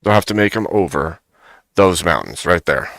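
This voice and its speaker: A man's voice: low-pitched, lively intonation, normal speed, a bit bright, no room sound. A man hosting a live stream, chatting casually and joking with much laughter.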